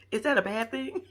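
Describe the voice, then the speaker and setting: A woman's voice: a little high, a bit bright. A woman giving casual, profane, gossipy commentary on a reality TV episode, laughing often as she talks. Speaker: reality TV recap vlogger.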